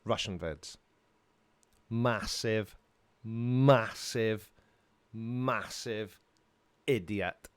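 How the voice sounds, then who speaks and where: A man's voice: on the low side, very slow, pauses often, no room sound. A middle-aged Welsh man hosting a casual live stream, rambling and joking while answering chat questions from his home studio. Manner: rambling and jokey, laughs often.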